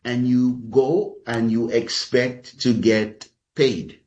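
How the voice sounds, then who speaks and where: A man preaching a sermon as a pastor, speaking deliberately and calling his listeners beloved. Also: mid-range voice, steady tone, darkish tone, lo-fi sound.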